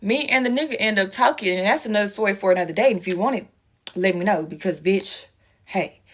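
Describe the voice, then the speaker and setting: A woman's voice: mid-range voice, quick pace. A woman, telling a profane, slang-filled story in a casual story-time chat and acting out everyone's lines. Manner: animated, profane, slangy storytelling with quoted voices.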